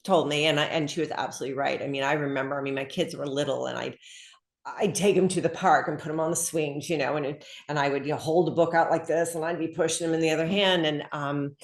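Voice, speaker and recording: A middle-aged woman author talks in a loose, chatty way with plenty of fillers and quick laughs. Her voice sits fairly low. She is heard over a video call in a room with a noticeable echo. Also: steady tone. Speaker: author guest. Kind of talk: casual interview chat. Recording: echoey room.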